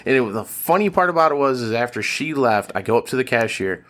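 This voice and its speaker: A man on a podcast telling a swear-filled everyday anecdote with animated delivery. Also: medium pitch, fast talker. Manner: animated, profane anecdote teller. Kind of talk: casual storytelling chat.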